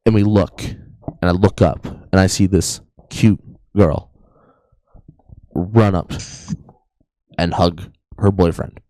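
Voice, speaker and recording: A man's voice: low voice, fairly even intonation, slow, pauses often, dark tone, no echo. A young man co-hosting a podcast, telling a story in a joking, rambling way and often saying "anyways". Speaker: podcast co-host. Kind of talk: casual storytelling chat.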